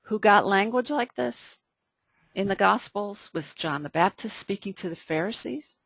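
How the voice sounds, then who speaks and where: A woman's voice: medium pitch, moderate pace, gravelly, dry recording. Woman, Bible study leader, chatty with restarts, dry close sound. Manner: lively, conversational, frequent restarts. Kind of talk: casual Bible study talk.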